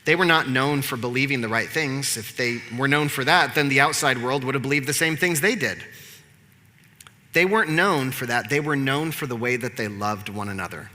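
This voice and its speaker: A man preaching, his voice sharp and cutting. He tells the story in an animated, joking, conversational way, and the sound carries a long echo through a large sanctuary. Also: mid-range voice, normal speed. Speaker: pastor. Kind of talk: sermon. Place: church sanctuary.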